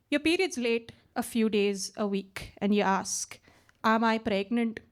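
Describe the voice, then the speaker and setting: A woman in her late twenties from India with a twang, doing a chatty stand-up set on a club stage mic. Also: sits high. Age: late 20s. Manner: chatty, tags lines with "right?". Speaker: stand-up comedian. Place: basement comedy club.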